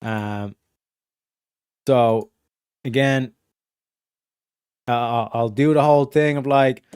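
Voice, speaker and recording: A man's voice: slow pace, a little mellow, smooth, dry recording. Profane, rambling male streamer, dry sound. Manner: profane, filler-heavy, restarts often; swings from emphatic to low muttered asides. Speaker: streamer hosting a study session. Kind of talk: casual rambling monologue.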